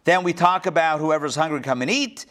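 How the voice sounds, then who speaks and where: A man's voice: a little high, brisk. A man leading a class through a text, joking with the group and asking them for questions while an online audience follows along. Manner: animated, joking, asks the group many questions. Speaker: teacher leading a text study. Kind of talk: interactive class discussion.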